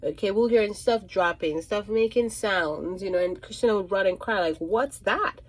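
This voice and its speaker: A woman's voice: mid-range voice, normal speed. A woman working as a psychic medium, telling a casual storytime monologue in a rambling way, restarting and repeating phrases with many ums.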